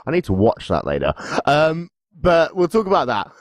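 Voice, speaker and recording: Dude co-hosting, bouncy voice all over the place, jokey, dry close sound. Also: male voice, on the high side, huge pitch swings, moderate pace, dry recording. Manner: joking, rambling, swears casually. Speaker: podcast co-host. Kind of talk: casual promo chat.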